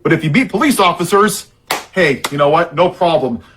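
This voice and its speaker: A man's voice: a little high, expressive, moderate pace, a bit bright, a little hiss or hum. A man in an impassioned political rant, angry and heavily sarcastic, sounding worked up and frustrated. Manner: angry and sarcastic, heavy irony.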